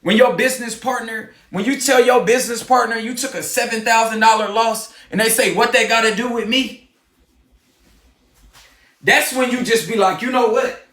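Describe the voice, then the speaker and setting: A man in a heated, confrontational livestream rant, often shouting. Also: very high voice, recorded from a distance. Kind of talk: ranting livestream monologue. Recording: roomy, off-mic sound.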